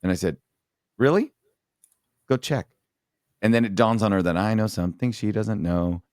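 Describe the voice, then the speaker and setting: A man's voice: lowish voice, fairly even intonation, quick pace, darkish tone, smooth, no room sound, studio quality. A middle-aged man, a former police sergeant, telling blunt, profane stories from the job in a casual podcast chat.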